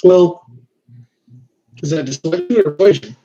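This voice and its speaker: A man's voice: high-pitched, expressive, unhurried, warm tone. A man playing a tabletop game, earnest and a little hesitant. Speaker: player. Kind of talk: casual tabletop play. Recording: dull lo-fi audio with faint noise.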